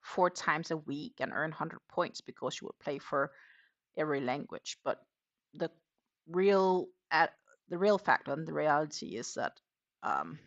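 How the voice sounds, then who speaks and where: A woman hosting a crochet livestream, chatting in a relaxed, rambling way while she works. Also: sits low, a little slow, lo-fi sound. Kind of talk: casual livestream chat.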